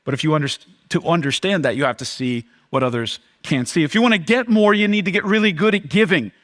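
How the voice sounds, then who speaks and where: A man's voice: fairly high pitch, fast talker, a bit bright. A young adult man, a pastor, preaching a sermon in a church, often acting out the crowd's reactions in a raised voice.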